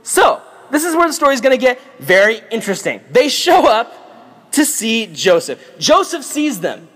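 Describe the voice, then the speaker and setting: A man preaching through a Bible story in a lively, playful, jokey way. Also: extremely high pitch, moderate pace.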